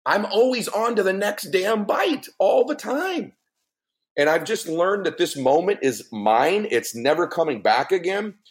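A man's voice: high-pitched, sing-song, measured pace. A middle-aged man, a podcast guest, telling a story in an emphatic, joking way. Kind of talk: animated storytelling.

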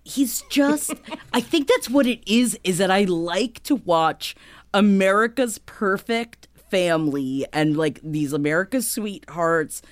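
A woman's voice: mid-range voice, animated, takes it slowly, no echo. A woman co-hosting a podcast in casual chat, telling stories with fillers and frequent laughter. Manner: laughs often, storytelling with fillers. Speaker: podcast co-host.

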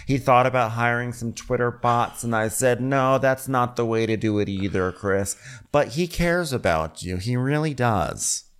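A man voicing a woman reality-TV star in a soft, placating, earnest tone. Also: medium pitch, normal speed, clear, resonant tone, lightly acted. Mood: soothing. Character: sweet-talking woman reality-TV star soothing a friend.

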